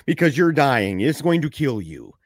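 This man co-hosts a podcast and chats casually about a film. Animated, he rises in pitch when excited, drops to a low, quiet voice for serious stories, and frequently stammers and starts over.

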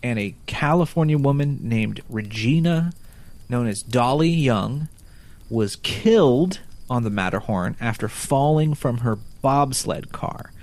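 A man's voice: mid-range voice, animated, measured pace, a little mellow. A man hosting a casual podcast, playful and jokey, telling a spooky story. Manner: playful, jokey, slips into silly voices. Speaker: podcast host.

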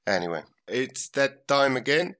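A man's voice: mid-range voice, big pitch swings, moderate pace, pushed and bright. A man hosting a comic podcast in a casual chat, reading listener letters aloud and chuckling now and then. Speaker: podcast host.

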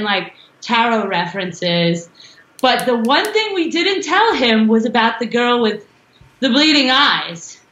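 High-voiced chatty woman, roomy sound. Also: fairly bright tone, lo-fi sound. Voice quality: laughs often, loose and chatty. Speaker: rock singer, guest. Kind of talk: casual interview chat.

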